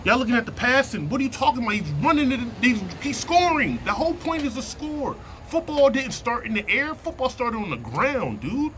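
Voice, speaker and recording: A man vlogging a heated sports opinion rant from inside a vehicle, slangy and worked up, repeating himself and sinking into low mutters. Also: big pitch swings, brisk, few pauses, a bit bright, a little hiss or hum.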